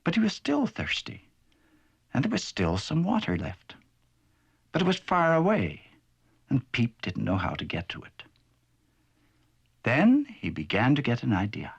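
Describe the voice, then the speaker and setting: Male narrator, children's cartoon: expressive, wide pitch, a touch husky. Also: measured pace, pauses often. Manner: animated and expressive, gentle storyteller.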